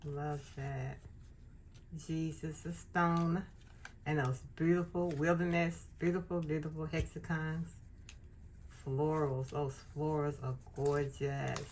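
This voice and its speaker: A woman's voice: low voice, level tone, slow pace, a little mellow, a little hiss or hum. A woman hosting a casual unboxing vlog, gushing over craft and faith supplies. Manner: gushing, effusive. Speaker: channel host.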